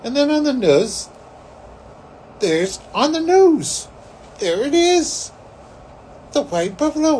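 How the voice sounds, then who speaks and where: A man's voice: a little high, sing-song, moderate pace, pauses often, background noise. A man hosting a psychic show, telling a story in a rambling, casual way, full of "like" and "you know". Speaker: psychic host.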